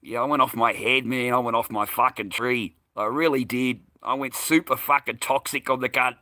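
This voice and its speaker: A middle-aged Australian man telling a story in an angry, profane rant, loudly acting out what he yelled. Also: mid-range voice, fairly even intonation, normal speed, few pauses, dry recording. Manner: profane, heated, shouting out remembered lines. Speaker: vlogger.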